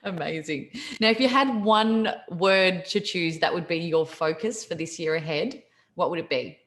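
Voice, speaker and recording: A woman's voice: fairly low pitch, moderate pace, a bit bright. A woman hosting a podcast, asking questions in casual, encouraging interview chat. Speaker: podcast host.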